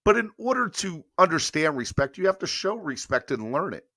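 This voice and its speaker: A man in his thirties from rural North Carolina, hosting a casual sports podcast and telling stories with animated emphasis. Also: on the high side, brisk, no echo, studio quality. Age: 30s.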